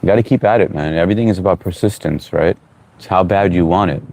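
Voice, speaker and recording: A man hosting a casual live stream, greeting viewers by name, reading their chat comments aloud and giving relaxed, encouraging advice. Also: deep voice, fast, gravelly.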